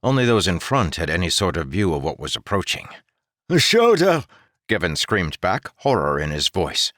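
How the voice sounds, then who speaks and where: Casting: male audiobook narrator, deep and expressive, dry close sound. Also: fairly quick, no echo. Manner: steady narration. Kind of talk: audiobook reading.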